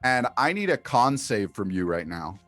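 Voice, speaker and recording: A man's voice: medium pitch, no room sound, faint music behind. A man running a tabletop role-playing game as game master, narrating scenes and calling for dice rolls. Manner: lively storytelling with quick put-on voices.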